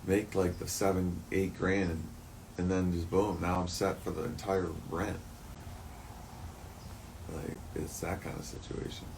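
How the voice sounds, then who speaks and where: A man's voice: low voice, level tone, unhurried, vocal fry, long pauses, a little mellow, slight background noise. A man talking through a rambling personal monologue, swearing often and turning heated and emotional at times.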